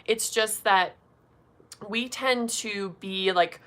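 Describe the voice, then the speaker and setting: A woman's voice: medium pitch, slow, fairly bright tone. A young woman reading tarot cards on a casual livestream, chatty and full of "um" and "like". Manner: chatty, lots of fillers like 'um' and 'like'. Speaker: tarot reader doing live card pulls.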